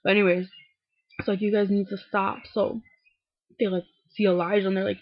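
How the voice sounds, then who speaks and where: Young woman gossiping thru a show recap, swears a lot, low-key and a bit under the weather, gravelly husky voice on a dull lo-fi webcam mic. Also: flat delivery, a little fast, long pauses, no room sound. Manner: talkative, many "like"s, swears freely, acts out lines in quotes. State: feeling a little unwell and low. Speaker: vlogger recapping a TV episode. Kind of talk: casual chatty recap.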